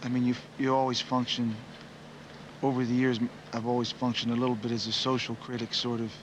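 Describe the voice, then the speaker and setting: A man's voice: mid-range voice, level tone, a little fast, background noise. A man in his forties, a musician, giving rambling, reflective interview answers full of "you know" fillers.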